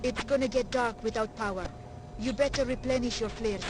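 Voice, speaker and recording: A woman voicing a female colony doctor in a game, with a heavy French accent and a flat, synthetic-sounding delivery. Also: a little high, a little fast. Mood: warning.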